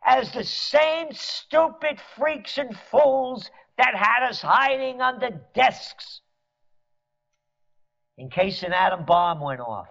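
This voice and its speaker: A commentator with a very high, creaky, fairly bright voice launches into a fiery, sarcastic political rant, mocking officials by mimicking their voices. The recording sounds dull and lo-fi.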